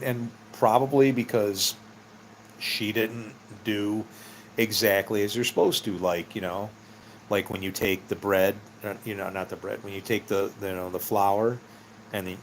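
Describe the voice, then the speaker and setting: A man's voice: fairly low pitch, slight background noise. A middle-aged man telling rambling personal stories in a casual, meandering way, laughing often and swearing freely. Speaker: vlogger.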